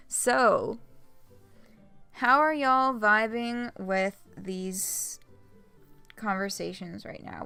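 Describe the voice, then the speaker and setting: A woman's voice: a little high, a bit bright, no room sound. A young adult woman streaming a game, chatting casually and rambling with lots of fillers and laughs. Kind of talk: casual let's-play chat.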